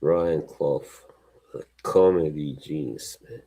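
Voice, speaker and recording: A man's voice: a bass voice, steady tone, slow, mellow, low-quality recording. A man hosting a livestream in casual chat, rambling and laughing often between remarks. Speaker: livestream host.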